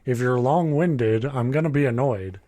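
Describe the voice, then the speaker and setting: A blunt man with a middle-pitched voice rants on a podcast, swearing freely. His voice sounds dry and close, with no room echo around it. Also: normal speed, dark tone. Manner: blunt, profane, annoyed ranting. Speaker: podcast co-host. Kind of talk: casual chat.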